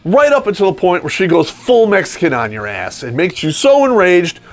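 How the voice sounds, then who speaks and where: Male vlog host, crude sarcastic rant with laughing asides, animated pitch, music bed. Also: normal speed. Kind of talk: ranting comedic monologue.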